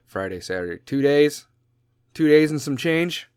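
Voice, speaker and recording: Chicago podcast host, forties, swears constantly, swooping animated delivery, dry close sound. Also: male voice, fairly high pitch, moderate pace, clean tone, no echo. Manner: profane, rambling, jokey. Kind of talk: casual rant.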